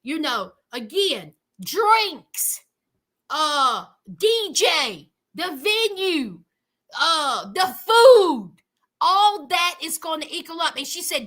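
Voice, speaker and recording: Very high, bright, sassy woman. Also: takes it slowly. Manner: sassy, animated, talks straight to viewers. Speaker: reality TV commentator. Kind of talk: casual reaction commentary.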